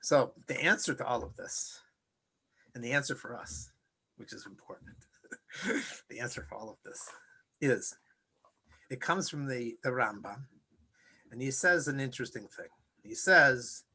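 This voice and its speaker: Bright-voiced man teaching Torah casually. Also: medium pitch, lively intonation, measured pace, long pauses, slightly rough. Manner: conversational, acts out quoted characters; frequent fillers and restarts. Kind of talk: informal Torah class.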